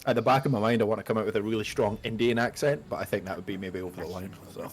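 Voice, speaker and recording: A man's voice: fairly low pitch, very fast. A man playing a game with a friend, chatting casually with a dry, teasing humor. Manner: wry, teasing, trails off into mumbles. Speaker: co-player. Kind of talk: casual chat while gaming.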